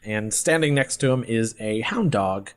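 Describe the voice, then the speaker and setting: A man's voice: lowish voice, expressive. Man narrating as game master. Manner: descriptive, brisk narration with laughs.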